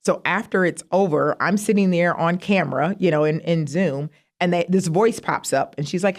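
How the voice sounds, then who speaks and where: A middle-aged woman, a university vice president, telling stories in a casual interview, animated and jumping high in pitch when she quotes herself. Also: normal speed, few pauses. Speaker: guest, university vice president of student affairs.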